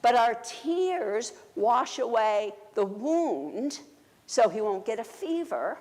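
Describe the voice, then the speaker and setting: A woman's voice: on the high side, big pitch swings, slow pace, darkish tone, heavily acted. A woman voicing a grave, dignified foreign dock worker who explains himself earnestly, recorded in an echoey church hall.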